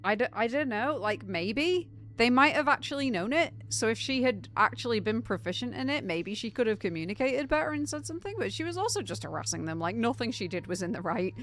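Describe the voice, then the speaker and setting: A young British woman chatting casually on a game live stream, animated and incredulous, laughing often. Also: on the high side, fairly quick, few pauses.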